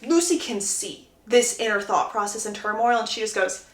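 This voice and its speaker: A woman casually retelling a novel's plot with animated, gossipy asides. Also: mid-range voice, moderate pace, roomy sound. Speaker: book reviewer.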